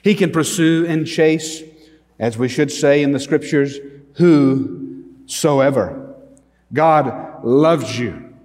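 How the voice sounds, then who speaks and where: A man preaching a sermon as pastor, slow and emphatic, pausing often and swelling in volume on key words. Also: fairly high pitch. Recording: long hall reverb.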